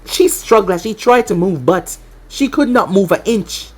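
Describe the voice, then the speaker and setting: Woman narrator for a fan fiction read-aloud, lively rising and falling delivery, faint music underneath. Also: medium pitch, normal speed.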